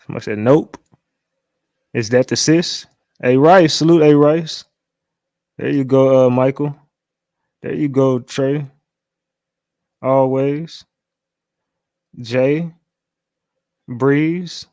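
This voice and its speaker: A man hosting a casual livestream, talking loosely, repeating catchphrases and shouting out viewers. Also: mid-range voice, slow pace, pauses often, no room sound. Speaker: livestream host.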